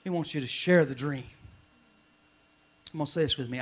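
A man delivers a sermon from the pulpit of a church. His voice sits a little high for a man, and he mixes rousing calls to the congregation with joking asides. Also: normal speed, long pauses. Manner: preaching with call-and-response and humorous asides. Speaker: pastor. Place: church sanctuary.

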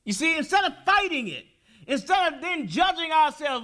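High-voiced, bright-toned preaching man. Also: sing-song, moderate pace. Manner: preaching with rising, shouted peaks and call-and-response. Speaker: pastor. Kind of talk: sermon. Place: church sanctuary.

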